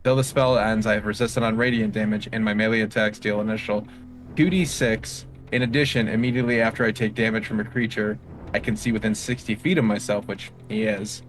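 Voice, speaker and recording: A man's voice: fairly low pitch, fairly even intonation, brisk. A man playing a tabletop game, checking rules aloud and describing his character's spell. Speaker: player. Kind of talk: casual tabletop play.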